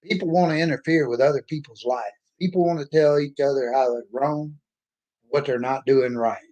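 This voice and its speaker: A man speaks in a slightly higher register. He tells a story in a folksy, blunt, opinionated way, as a casual monologue. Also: moderate pace, a little mellow, highs cut off. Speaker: author and speaker.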